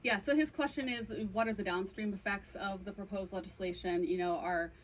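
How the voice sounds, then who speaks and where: A woman's voice: medium pitch, fairly even intonation, brisk, a little hiss or hum, rough recording. A young adult woman giving a casual presentation to an audience, chatty, with frequent "um" and "like". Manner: chatty, many fillers like "um" and "like". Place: bookstore event room.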